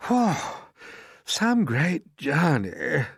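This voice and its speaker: A storybook reader voicing a brash, bossy male centipede who talks loud, snappy and impatient. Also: medium pitch, big pitch swings, extremely slow, husky, dry recording, studio quality, voice pushed up, heavily acted. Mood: grumbling.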